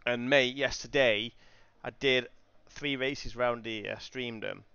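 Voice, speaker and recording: A man's voice: mid-range voice, fairly even intonation, slow, creaky, bright, forceful tone, clear, resonant tone, no room sound, highs cut off. A middle-aged man chatting casually to viewers as a sim racing streamer, laid-back and calling everyone "mate". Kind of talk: casual live-stream chat. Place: home sim racing rig.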